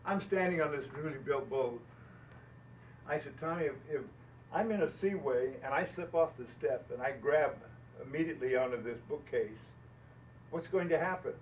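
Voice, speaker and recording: A man's voice: a little high, moderate pace, distant mic, slight background noise, low-quality recording. Older American man telling stories off the mic. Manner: folksy anecdotes, laughs at himself. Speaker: boat builder speaking at an owners' gathering. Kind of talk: storytelling talk to an audience. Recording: faint ambience, speaker off the mic.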